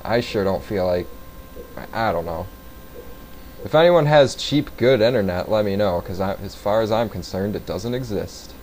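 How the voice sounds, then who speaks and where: Low-voiced man rambling over gameplay. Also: normal speed, darkish tone, low-quality recording. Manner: rambling, offhand, casual swearing. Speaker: gaming video host. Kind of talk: casual gameplay commentary.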